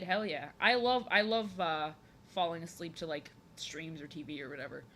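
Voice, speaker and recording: A woman's voice: mid-range voice, a little hiss or hum. Bubbly, overexcited young woman streamer. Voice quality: youthful, like an excited little boy. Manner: overexcited, chatty, repeats herself. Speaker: streamer drawing live. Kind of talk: casual chat while drawing.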